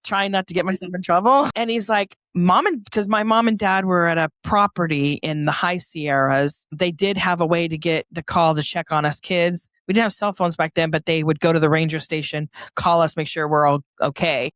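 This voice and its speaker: A middle-aged woman from Northern California, a podcast guest telling a personal story in a lively, chatty way and acting out the dialogue. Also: lowish voice, moderate pace, hardly any pauses, no echo, studio quality.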